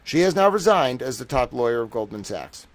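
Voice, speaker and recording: A young man hosting a livestream, ranting excitedly and profanely, swinging from shouting outrage to low muttering. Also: fairly quick. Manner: profane, emphatic. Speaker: livestream host.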